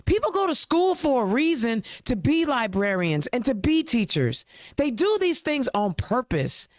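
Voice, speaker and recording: An Indiana woman hosts a political podcast in a slightly high, very animated, unhurried voice, recorded in a studio with no room sound. She rants emphatically with rhetorical questions and casual slang, sounding a little choked up, then reads sponsor plugs and introduces her guests.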